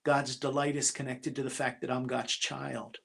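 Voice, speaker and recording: A man's voice: mid-range voice, flat delivery, moderate pace, vocal fry, a bit bright, husky. A man speaking as a guest at a church, telling a personal story in an earnest, confessional way and often repeating his opening words.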